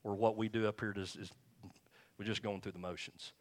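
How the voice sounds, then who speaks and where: A man's voice: on the low side, little pitch movement, a little fast. A man pastoring a church, preaching a sermon and telling stories from his marriage in a conversational, chuckling way.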